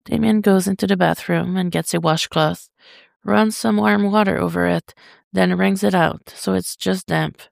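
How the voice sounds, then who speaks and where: A reader narrating a fan story as an audiobook, in an intimate, even delivery. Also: mid-range voice, normal speed, gravelly, dry recording, studio quality. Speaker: podfic reader.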